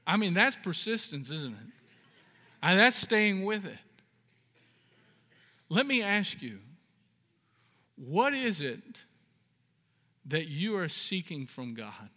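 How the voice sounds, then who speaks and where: A male pastor delivering an earnest sermon in a high, bright voice. He swings from folksy, joking stories to emphatic peaks of exhortation, and his words ring out with a long reverb across a church sanctuary from a stage microphone. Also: big pitch swings, slow, long pauses. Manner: folksy storytelling with jokes. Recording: reverberant hall.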